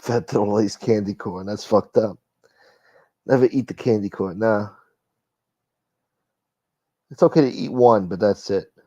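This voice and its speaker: A man's voice: lowish voice, unhurried, pauses often, warm tone, no echo. A man hosting a casual livestream, reading viewer comments aloud in a blunt, profane, wisecracking way. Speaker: livestream host. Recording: dull, lo-fi dry sound.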